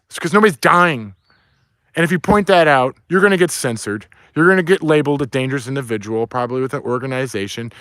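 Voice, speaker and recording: A man's voice: fairly high pitch, a bit bright, no room sound, studio quality. A man delivering an angry, profane, preachy rant outdoors. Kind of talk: ranting monologue. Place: outdoors near woods, with dog.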